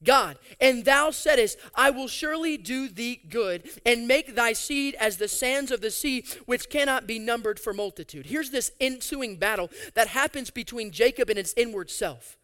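A man preaching a sermon, reading scripture aloud and adding animated, sarcastic asides. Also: extremely high pitch, moderate pace, few pauses. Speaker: pastor.

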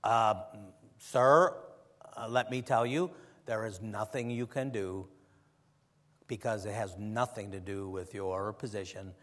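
Man putting on an older male radio teacher, low voice, slow flat delivery, matter-of-fact, echoing hall. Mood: detached.

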